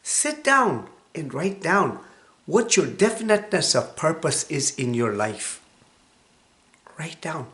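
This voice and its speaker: A man in his sixties with a cold-roughened, hoarse voice, giving an emphatic motivational self-help talk that sometimes drops to a hushed whisper. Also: on the high side, sing-song, takes it slowly. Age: 60s. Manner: emphatic preaching, dropping to a hushed whisper for stress. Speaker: motivational vlogger.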